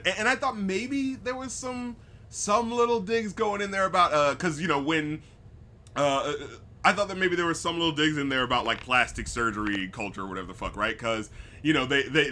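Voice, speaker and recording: A man's voice: fairly high pitch, bright, forceful tone. A man hosting a casual film review podcast, talking loosely with many fillers and profanity, acting out lines from the movie. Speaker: podcast host.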